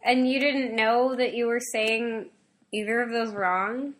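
A woman co-hosting a podcast in casual chat, an animated storyteller who acts out other people's lines. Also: fairly high pitch, a little slow. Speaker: podcast co-host.

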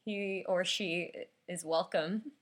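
A woman's voice: on the low side, slow. A woman co-hosting a podcast, chatting casually and telling stories with plenty of laughter. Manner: animated storyteller, laughs often. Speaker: podcast co-host. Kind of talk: casual chat.

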